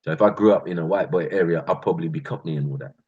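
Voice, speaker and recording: Husky low London man telling stories. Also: racing. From North London. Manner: laughing, slangy, animated storytelling. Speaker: channel host. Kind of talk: casual storytelling monologue. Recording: dull lo-fi recording.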